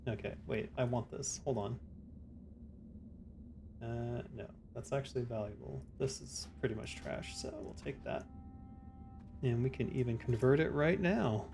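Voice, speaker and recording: A man's voice: medium pitch, measured pace, creaky, long pauses, slight background noise. Easygoing male game streamer. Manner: relaxed, chatty, reads chat aloud and answers it. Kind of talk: casual live-stream chat while gaming.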